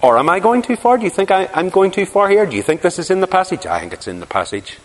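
Preacher guy, storytelling sermon, bit high, big echoey hall. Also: very animated, fast talker. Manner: storytelling, emphatic, rhetorical questions. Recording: long reverb of a large hall.

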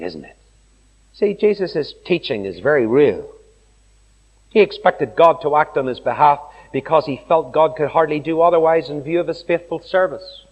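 A male preacher giving an animated sermon, telling stories and acting out the voices of the people in them. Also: mid-range voice, breathy edge, dull audio. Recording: long hall reverb.

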